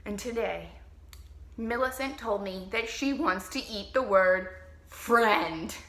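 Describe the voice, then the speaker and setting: A woman librarian with a New Orleans accent reading to children in a slow, animated, encouraging way. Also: medium pitch. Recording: roomy echo.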